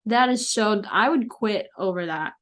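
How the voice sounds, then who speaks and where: A woman hosting a podcast in casual chat, teasing her guest with quick questions. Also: mid-range voice. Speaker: podcast host.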